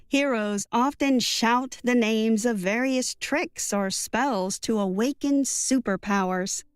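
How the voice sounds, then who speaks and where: A woman reading a book summary as scripted narration, in an even, measured way. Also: fairly high pitch, clean tone, no room sound. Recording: dry studio voice-over with soft music.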